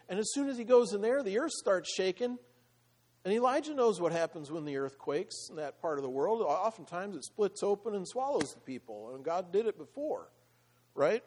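Guy giving a sermon, bit higher voice, reads scripture then chats about it, lots of ums. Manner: conversational, with fillers and laughs, voicing God in paraphrase. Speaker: preacher.

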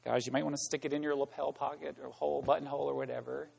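A man preaching as pastor, earnest, moving between loud proclamation and hushed words. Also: mid-range voice, level tone, rapid-fire, gravelly, slightly rough, long reverb tail. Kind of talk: sermon.

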